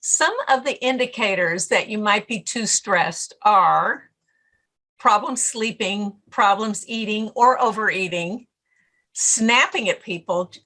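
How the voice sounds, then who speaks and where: Bright, lively woman telling a story. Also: mid-range voice, slow pace. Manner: animated storyteller, acts out her own inner voice. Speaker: podcast guest, stress management coach. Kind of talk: casual interview talk.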